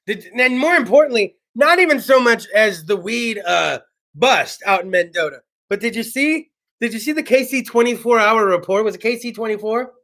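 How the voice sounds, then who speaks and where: A man hosting a casual internet talk show, telling stories in a slangy, profane, animated way with sudden whoops. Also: very high voice. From California.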